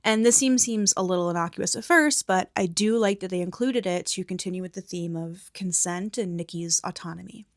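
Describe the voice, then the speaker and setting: A young woman recapping a movie in a soft-spoken ASMR style. She slips into whispers at times and talks casually and candidly, with the odd swear. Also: lowish voice, fairly quick, hardly any pauses, dry recording, clean studio sound. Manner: drifts between soft speech and whispering.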